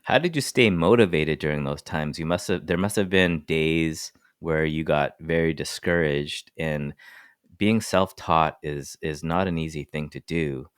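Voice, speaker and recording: A male podcast host with a very deep, low voice that is smooth and resonant. He asks his guest measured, probing questions. The recording is dry and close, with no room sound. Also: no room sound. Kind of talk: interview questions.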